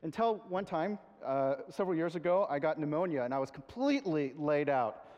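A man preaching a sermon in an earnest, conversational way, with reflective pauses. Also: fairly high pitch, animated, a little mellow, lo-fi sound. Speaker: pastor. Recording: long reverb of a large hall.

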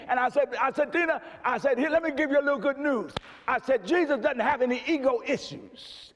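A male pastor preaching a sermon, moving from quiet storytelling into shouted, emphatic passages. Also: very high-pitched, big pitch swings, normal speed. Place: church sanctuary. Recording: long reverb of a church hall.

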